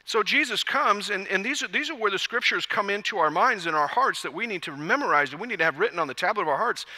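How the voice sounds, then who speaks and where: A man preaching a sermon as pastor at a church service, a lively, joking storyteller who acts out quotes. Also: high voice, quick pace, in a large hall.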